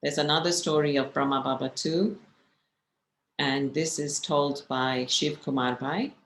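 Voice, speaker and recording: A woman's voice: low voice, steady tone, unhurried, roomy sound, slight background noise, poor audio. A woman meditation teacher giving a spiritual class, telling stories and asking her listeners rhetorical questions.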